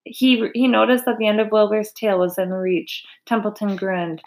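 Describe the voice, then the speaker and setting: Woman, reading aloud, children's novel, gentle, unhurried. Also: mid-range voice, little pitch movement. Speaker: reader.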